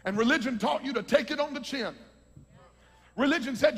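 A man preaching a sermon, teaching from scripture with fervent, shouting emphasis. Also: very high-pitched, brisk, long pauses, breathy edge. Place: large hall with a congregation. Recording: long hall reverb.

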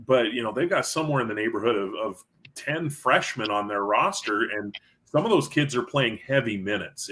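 Podcast co-host, male, bright forceful voice, animated sports storyteller. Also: on the low side. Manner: animated storyteller who acts out quotes. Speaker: podcast co-host covering high school football. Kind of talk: casual sports podcast chat.

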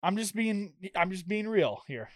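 A young man with a fairly high voice rambles through a casual podcast chat, piling up fillers and laughing easily. He sounds close to a studio mic in a dry, dead room. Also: big pitch swings, normal speed, dry recording. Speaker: podcast co-host. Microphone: studio microphone.

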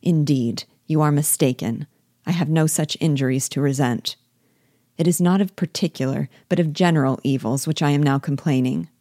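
A woman's voice: deep voice, moderate pace, dark tone, no echo, clean studio sound. A woman reading the lines of an earnest, sensible young woman pleading with her father in an audiobook.

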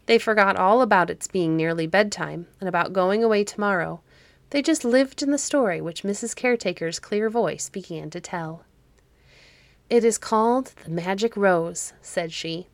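A woman narrating a fairy-tale audiobook in an even, measured reading voice. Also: medium pitch, no room sound. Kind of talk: scripted storybook narration.

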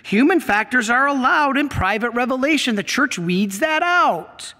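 High, bright-voiced preacher in a reverberant church. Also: male voice, animated, normal speed. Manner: emphatic, questions the congregation. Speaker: priest. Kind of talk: sermon.

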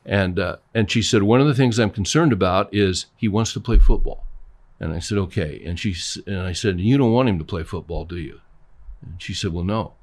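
A man's voice: low voice, a little fast. An older man talking casually as a pastor and co-host, telling stories and acting out both sides of conversations. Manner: storytelling, acts out both sides of dialogues.

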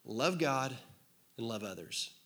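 A man preaching a sermon to a congregation in a relaxed, conversational way, cracking jokes and asking the room to answer back. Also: medium pitch, takes it slowly. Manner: conversational, joking, asks the crowd to respond. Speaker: pastor. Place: church hall with congregation.

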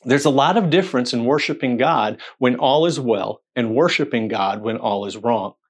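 A man preaching a sermon, telling the story in an animated way, asking rhetorical questions and quoting the voices in it. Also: mid-range voice, moderate pace.

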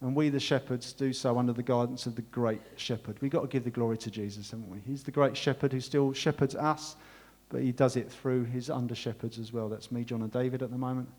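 A man's voice: medium pitch, steady tone, fairly quick, few pauses. A man preaching a sermon as pastor, earnestly thanking his congregation and leading a closing prayer. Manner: earnest, warm, emotional thanks.

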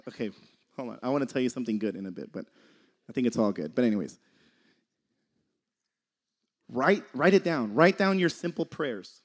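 A man's voice: mid-range voice, animated, a little fast. A young man giving a casual sermon, conversational and laughing often, sometimes losing his train of thought. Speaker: preacher.

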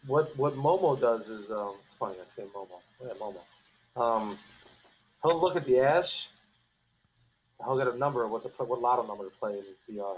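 A man's voice: medium pitch, expressive, a little fast, a little hiss or hum, poor audio. A man telling stories in casual podcast chat, animatedly acting out coworkers' voices. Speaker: cigar company guest.

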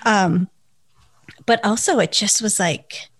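A woman chatting casually about a TV episode, enthusiastic and quick with asides. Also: medium pitch, slightly rough. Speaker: co-host. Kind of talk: casual TV recap chat.

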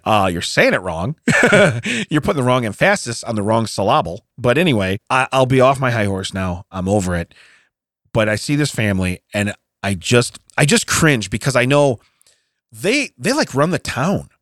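Podcast co-host, man, lively rant with acted-out quotes, dry close mic. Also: medium pitch, normal speed, no echo. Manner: animated ranting, acts out quotes. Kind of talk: casual chat. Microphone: studio mic.

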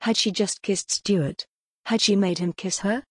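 A woman reading a gothic novel aloud as the audiobook narrator, in a measured, dramatic storytelling manner. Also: mid-range voice, steady tone, slightly rough, dry recording, studio quality. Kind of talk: scripted narration.

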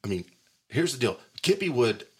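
Husky middle-aged podcast host. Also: male voice, medium pitch, big pitch swings, moderate pace. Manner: joking, teasing, laughs often. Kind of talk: casual chat.

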